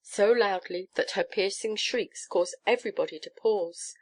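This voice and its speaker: A woman's voice: medium pitch, moderate pace. Woman narrating a children's storybook. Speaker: audiobook narrator.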